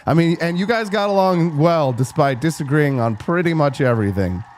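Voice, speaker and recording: A man's voice: a little high, expressive, normal speed, a little mellow, a little hiss or hum. A man hosting an interview show, talking emphatically and often restarting his sentences. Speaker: show host. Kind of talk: interview conversation.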